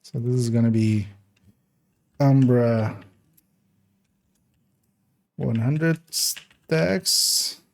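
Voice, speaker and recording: Slow, gravelly man streaming a game. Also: mid-range voice. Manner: thinking aloud, hesitant, with fillers and restarts while working through numbers. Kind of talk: casual live-stream commentary.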